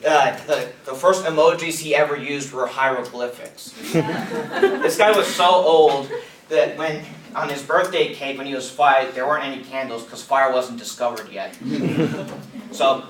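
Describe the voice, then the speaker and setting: A man's voice: mid-range voice, moderate pace, background noise. A young man doing stand-up at an open mic, rambling and self-mocking, often laughing at his own jokes. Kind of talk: stand-up comedy. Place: small room at an open mic. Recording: echoey room, mic at a distance.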